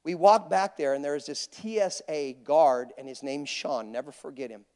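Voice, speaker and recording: A man's voice: on the high side, normal speed, mellow, clean tone. A male preacher telling stories in a conversational, anecdotal sermon. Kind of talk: sermon storytelling. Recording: long reverb of a large hall.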